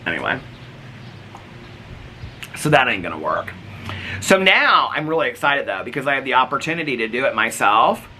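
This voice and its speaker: A middle-aged man telling a sassy, gossipy story in a casual vlog, laughing often and mimicking others in a higher voice. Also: very animated, moderate pace, long pauses, bright, forceful tone, slight background noise. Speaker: vlogger.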